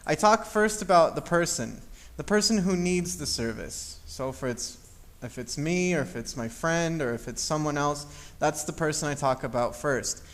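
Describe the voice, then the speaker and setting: A man's voice: fairly high pitch, expressive, moderate pace, a bit bright. A man teaching an English grammar lesson, explaining patiently, repeating examples and checking in with "okay?".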